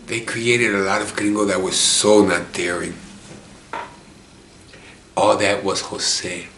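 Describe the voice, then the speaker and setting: Man from chicago, very deep voice, earnest, tearful, echoey room, faint hiss. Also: steady tone, takes it slowly, sharp tone. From Chicago, USA. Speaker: author telling his life story. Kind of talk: emotional personal monologue.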